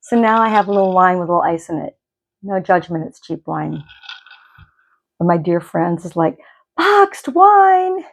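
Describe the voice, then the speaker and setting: A woman's voice: fairly low pitch, fairly even intonation, moderate pace, vocal fry, pauses often. A middle-aged woman from Michigan, rambling in casual chat as the host of a knitting podcast at home. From Michigan, USA. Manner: chatty, rambling, self-correcting.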